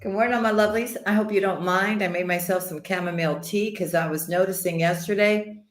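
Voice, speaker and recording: A woman hosting a live tarot stream, greeting viewers by name and calling them sweetheart and honey, her voice slightly hoarse with the odd cough. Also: mid-range voice, fairly even intonation, brisk. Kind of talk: casual live-stream chat and tarot reading. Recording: echoey room.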